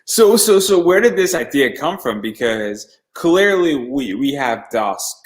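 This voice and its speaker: A man's voice: medium pitch, big pitch swings, measured pace, rough recording. A man from the United States hosting a casual interview, chatty and self-deprecating, often restarting his sentences. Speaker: podcast host.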